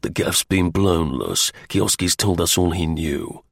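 A man reading as a hard, gravelly secret agent. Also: low voice, sing-song, unhurried, no room sound, clean studio sound, voice pushed down, exaggerated voice. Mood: menacing. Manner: clipped, threatening. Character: stern male secret service agent, hard.

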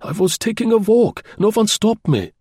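A man's voice: high-pitched, animated, moderate pace, a little mellow, husky, no echo, studio quality, voice pushed up. A man voicing a cowed, faltering German spy in an audiobook reading. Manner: faltering, timid. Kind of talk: audiobook character voice.

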